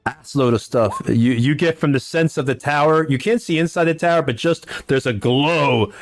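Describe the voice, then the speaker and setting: A man's voice: on the high side, moderate pace. Rambling man running a tabletop game. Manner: rambling, restarts often. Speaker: game master. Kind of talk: narrating a tabletop game over a video call.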